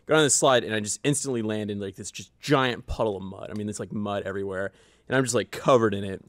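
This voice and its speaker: A man in casual chat, telling a childhood story with lots of "like" and animated delivery. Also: fairly low pitch, quick pace, no echo. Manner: animated, hedging with "like".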